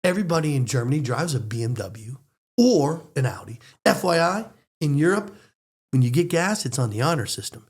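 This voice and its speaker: An American man telling a story in a lively, excitable way, speaking in quick bursts. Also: a little high. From United States. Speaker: storyteller guest. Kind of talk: animated storytelling.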